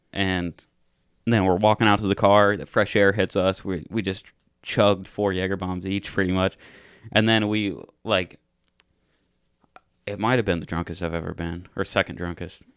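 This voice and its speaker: A young podcast host with a somewhat low, smooth voice spins a rowdy bar story, swearing freely and acting out what everyone said. The sound is dry and close, with no room in it. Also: male voice, no room sound. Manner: profane, animated retelling with acted-out quotes. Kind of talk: casual storytelling.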